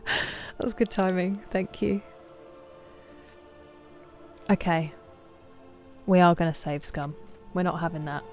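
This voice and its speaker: A young woman giving casual commentary while streaming a game, chatting with her viewers and reacting loudly. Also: fairly low pitch, slow, long pauses, soft background music.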